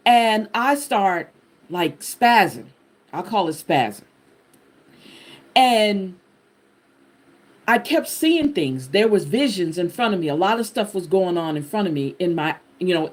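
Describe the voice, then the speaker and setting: A woman host telling a personal testimony to her viewers in an animated, expressive way, talking to them directly. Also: medium pitch. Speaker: channel host sharing a personal story.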